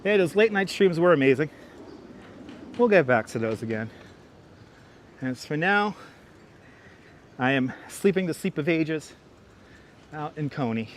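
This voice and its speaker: Man, livestream host, casual walking commentary, rambling and repetitive, somewhat high-pitched, clip-on mic, faint street traffic. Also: expressive, measured pace, pauses often. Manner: chatty, rambling, often repeats himself. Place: outdoors on a city street. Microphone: wireless clip-on mic.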